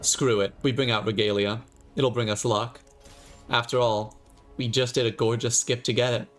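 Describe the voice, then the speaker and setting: A man's voice: mid-range voice, level tone, moderate pace, soft background music. A man streaming a video game, joking, theatrical and profane as he retries. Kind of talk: gaming livestream commentary.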